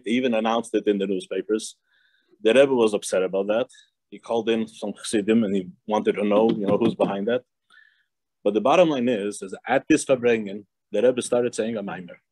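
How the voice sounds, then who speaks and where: With a fairly low, slightly mellow voice and no echo around him, a male rabbi teaches an informal class. His storytelling wanders, full of restarts and little bursts of laughter.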